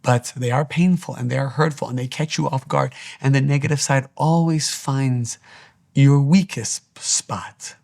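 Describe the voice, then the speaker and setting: A man with a gravelly, creaky edge to his voice delivers a spiritual teaching monologue. He speaks with earnest conviction, returning again and again to the same exhortations, at a middling pitch. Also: fairly even intonation, a little slow, a little mellow.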